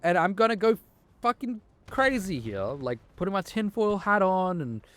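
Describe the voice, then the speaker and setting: A man's voice: high-pitched, sing-song, moderate pace, a bit bright, dry recording. Heated swearing man in his twenties. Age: 20s. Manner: heated, swearing, rambling with frequent restarts. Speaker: gaming vlogger. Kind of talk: casual ranting commentary.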